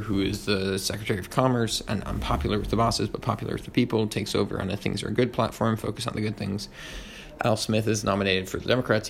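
A young man reviewing history fast, with lots of ums and uhs, over faint background noise. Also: fairly low pitch, vocal fry. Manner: quick, with many ums and uhs. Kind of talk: rapid study review.

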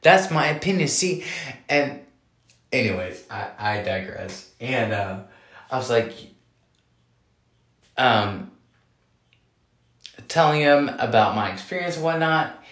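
A man in his thirties telling a story casually, animated and indignant, with many fillers. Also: mid-range voice, slow, long pauses, reverberant. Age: 30s.

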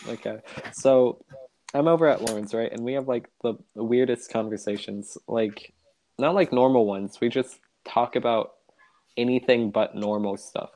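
A man's voice: medium pitch, fairly even intonation, normal speed, dark tone, no echo, rough recording. A young man co-hosting a casual podcast chat, telling a rambling story and laughing often. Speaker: podcast co-host.

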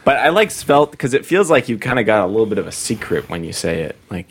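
Casting note: eager male podcast host, lowish voice, drawn-out words. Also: big pitch swings, breathy edge. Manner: enthusiastic, savoring words, stretches them out slowly. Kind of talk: casual chat.

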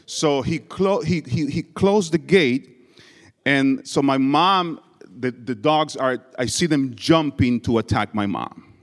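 A man's voice: mid-range voice, slow pace. A man giving a sermon to a congregation and telling personal stories with humor, speaking English with a non-native accent. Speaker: guest preacher. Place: church hall before a congregation. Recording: long reverb of a large hall.

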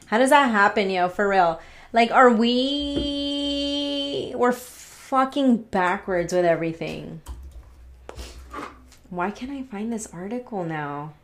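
A woman's voice: a little high, expressive, slow, pauses often, slight background noise. Exasperated woman venting on her podcast. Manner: exasperated, swears freely, restarts sentences. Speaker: podcast host. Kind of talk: casual solo podcast rant.

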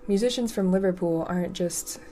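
A woman's voice: lowish voice, a little fast, warm tone. Upbeat woman podcast co-host. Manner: upbeat, rambling, gives travel tips. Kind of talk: casual chat.

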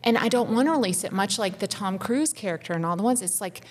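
A woman's voice: medium pitch, animated, fast, few pauses. Raw, profane woman confessing her fears. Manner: raw, intense, profane, rising to tearful. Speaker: podcast co-host. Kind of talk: emotional personal confession.

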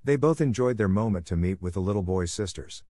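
Male storyteller, lowish voice, dry close sound, measured halting read. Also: animated, dark tone, dry recording. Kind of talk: reading a story aloud.

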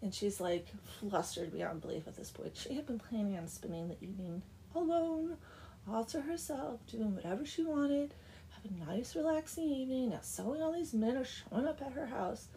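A woman's voice: a little high, animated, moderate pace, warm tone, a little hiss or hum. Chatty young woman retelling a story. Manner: chatty, sarcastic asides, lots of "like". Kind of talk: casual comic story retelling.

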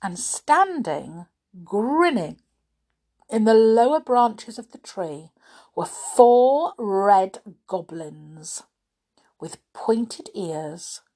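A woman reading a children's story aloud in an expressive way. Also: mid-range voice, creaky, slightly rough.

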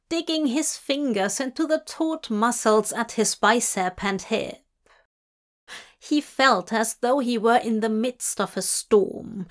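A woman narrating a fanfiction audiobook in a steady, measured reading voice. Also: on the high side. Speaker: audiobook reader.

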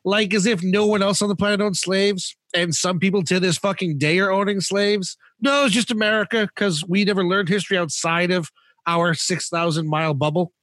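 Fairly high-voiced northeast english guy ranting and swearing, dry close mic. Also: fairly even intonation, fairly quick, fairly bright tone, dry recording. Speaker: podcast co-host. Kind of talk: casual chat.

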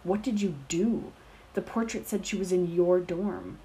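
A cold, defiant teenage wizard boy hurls accusations with contempt, as a woman reader puts him on. The voice sits low and dark, with a mellow, unhurried weight. It comes from a storybook reading. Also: slight background noise, low-quality recording. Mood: cold, accusing.

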